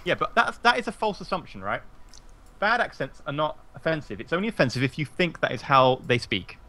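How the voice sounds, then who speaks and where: A man on a livestream in casual chat, arguing his point in an animated way. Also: a little high, brisk. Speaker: stream co-host.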